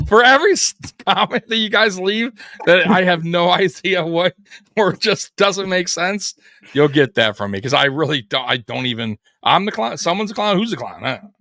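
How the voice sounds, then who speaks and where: Excitable, profane man, bright voice. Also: high voice, moderate pace, dry recording, studio quality. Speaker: co-host of sports show. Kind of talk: casual live sports chat.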